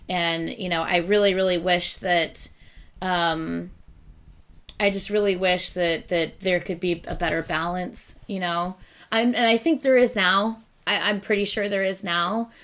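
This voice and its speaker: Earnest woman reacting with halting speech. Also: mid-range voice, steady tone, a bit bright. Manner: earnest and emotional, halting with many restarts and fillers. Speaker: reaction video host. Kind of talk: casual reaction commentary.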